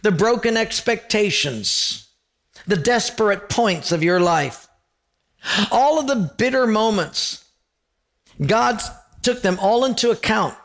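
A male pastor preaches in a conversational yet emphatic manner, often turning to direct questions. His voice sits slightly high for a man and carries a steady gravelly rasp. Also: takes it slowly, pauses often. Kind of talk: sermon.

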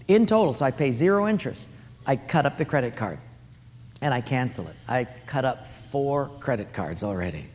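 A man's voice: a little high, a little mellow. A man pastor preaching a sermon in an earnest, storytelling way, repeating points for emphasis. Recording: echoey hall reverb.

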